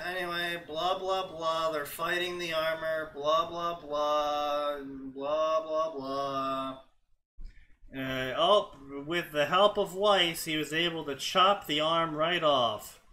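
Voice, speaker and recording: Bright-voiced sarcastic man reading fanfiction. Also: fairly high pitch, steady tone, takes it slowly, poor audio. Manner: exasperated, sarcastic, often laughing. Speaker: fanfiction reading show host. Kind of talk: sarcastic commentary and reading aloud.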